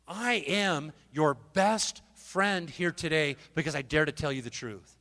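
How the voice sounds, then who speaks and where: Male preacher, fervent and emotional, bright forceful tone, booming reverb of a festival stage. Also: a little slow. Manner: fervent, exhorting, swings from loud to hushed; emotional, repeats and restarts words. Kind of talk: sermon.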